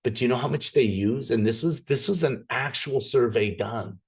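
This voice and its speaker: A man's voice: mid-range voice, moderate pace, gravelly, darkish tone, slightly rough. A man giving an upbeat, persuasive sales presentation to a live group.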